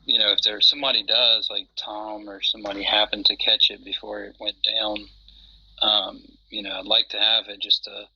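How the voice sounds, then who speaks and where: A man chatting casually, with plenty of fillers and restarts. His voice is low, husky and bright-toned. The audio comes through dull and lo-fi. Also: little pitch movement, moderate pace. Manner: rambling, many fillers and restarts. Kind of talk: casual chat. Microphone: phone on an audio chat app.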